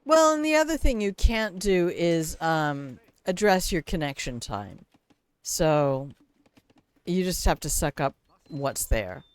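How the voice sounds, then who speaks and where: Older woman streamer, sarcastic and chatty, smooth clear voice, dry close sound. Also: on the low side, big pitch swings, slow, no echo. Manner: sarcastic, self-mocking, chatty. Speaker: game streamer. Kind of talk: casual live-stream chat while gaming.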